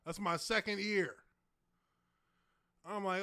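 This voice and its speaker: A fairly high-voiced man in his thirties, talking into a close, dry desk mic at home. He hosts a casual livestream Q&A and tells his stories in an animated way, with bursts of laughter, loud exclamations and some swearing. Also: unhurried, no echo. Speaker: livestream host, former NFL lineman.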